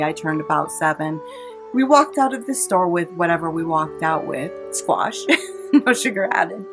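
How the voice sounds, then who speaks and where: A woman from California, a vlogger telling a personal story in a chatty way and laughing often. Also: medium pitch. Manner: chatty, warm-hearted, laughs often, dramatizes quotes. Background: soft instrumental music.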